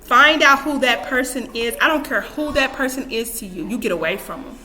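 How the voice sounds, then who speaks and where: This young adult vlogger speaks a little high and fairly quickly, her tone bright and forceful. She delivers casual, emphatic advice to the camera, repeating points and addressing herself in asides.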